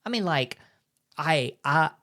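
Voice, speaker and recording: A man's voice: on the high side, lively intonation, pushed and bright. A man, co-hosting a casual marriage podcast, affirming often and restarting his sentences. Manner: affirming, frequent "mm-hmm", halting restarts. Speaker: podcast co-host.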